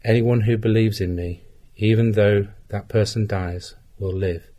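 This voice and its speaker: A man reading the part of Jesus in a measured, solemn scripture reading. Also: lowish voice, fairly even intonation, mellow. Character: Jesus, calm grown man teacher.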